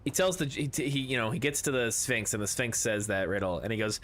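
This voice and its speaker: A man's voice: medium pitch, fairly quick, few pauses, a bit bright. A man streaming a tabletop game with friends, chatting casually, rambling through jokes and riddles and swearing now and then.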